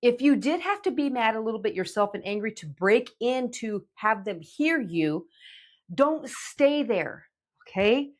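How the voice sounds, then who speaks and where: A woman's voice: a little high, unhurried. A middle-aged woman, a teen relationship coach, giving emphatic direct-to-camera advice to parents and checking in with "okay?". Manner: animated, emphatic, checks in with 'okay?'.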